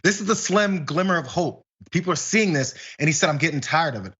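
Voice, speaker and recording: A man's voice: on the high side, expressive, a little fast, a bit bright, husky, dull audio. A man co-hosting an online news show, giving blunt, mocking opinions in a casual way. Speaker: guest co-host.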